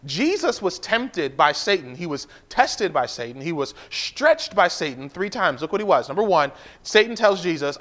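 A man's voice: high voice, very animated, moderate pace, a bit bright. A male pastor preaching a livestream sermon in a conversational way, repeating key lines and stopping for asides to the congregation.

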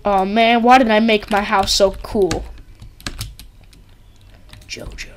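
A woman's voice: medium pitch, steady tone, takes it slowly. A woman hosting a casual game commentary, rambling and giggling with lots of "like" and "um". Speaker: gaming channel host. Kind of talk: casual let's-play commentary.

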